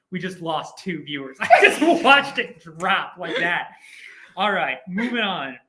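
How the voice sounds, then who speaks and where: A man's voice: high voice, very animated, a little slow, sharp tone. A young man co-hosting a casual livestream chat from an office studio. He talks goofy, playful and hyped-up into a laptop mic. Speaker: co-host.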